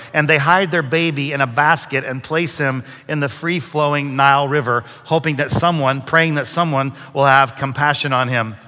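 A man preaching in a large church auditorium, his voice bright and forceful. Long reverb trails each phrase through the hall. He tells stories in a folksy, conversational way. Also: on the high side. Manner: folksy joke-telling, conversational. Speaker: guest preacher. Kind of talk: sermon with storytelling.

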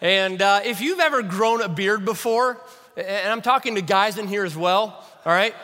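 A man's voice: high voice, normal speed, bright, forceful tone, in a large hall, a little hiss or hum. A man preaching a sermon as a pastor, conversational and self-deprecating, often asking the audience questions. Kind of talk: sermon with humor.

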